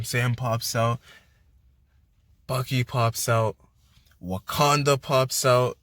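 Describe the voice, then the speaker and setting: A young man giving a casual spoiler movie review, excitable, slangy and full of swearing. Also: fairly high pitch, dry recording. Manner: hyped, profane, slangy storytelling.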